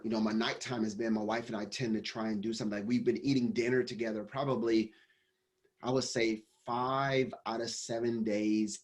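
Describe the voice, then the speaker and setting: A man's voice: on the low side, darkish tone. A man, a business coach and company founder, giving a casual interview answer in a rambling way with many restarts.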